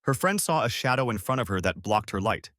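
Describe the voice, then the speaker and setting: A man narrating a scripted story recap at a steady storytelling pace. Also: lowish voice, brisk, no echo, clean studio sound.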